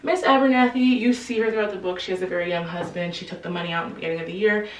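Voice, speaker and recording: A woman's voice: lowish voice, very fast. A young woman in her twenties casually retelling a novel's plot in a chatty, slang-filled way. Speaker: book channel host. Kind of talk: casual book summary storytelling. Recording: roomy, distant from the mic.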